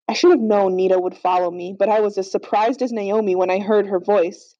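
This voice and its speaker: Mellow woman reading a storybook. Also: medium pitch, fairly even intonation, fairly quick, hardly any pauses, dry recording. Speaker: audiobook reader. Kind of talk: storybook narration. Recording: slightly dull lo-fi audio.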